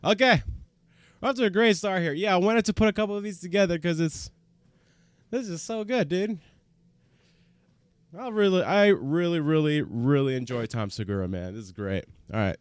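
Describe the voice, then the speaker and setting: A man's voice: sits high, moderate pace, pauses often, smooth, no room sound. A man hosting a reaction video, chatting casually in a laid-back, rambling way. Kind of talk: casual chat to camera.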